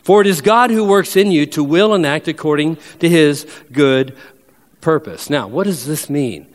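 A man delivering a sermon, his voice sitting a little high for a man. He presses his points with emphasis and slows down to read scripture aloud. The sound carries a long reverb, as in a large hall. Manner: emphatic preacher who slows down to read verses. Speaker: pastor.

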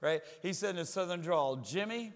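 A man's voice: sits high, lively intonation, moderate pace, fairly bright tone, long reverb tail. A man preaching a sermon as a pastor, talking in a conversational way and often repeating words as he goes.

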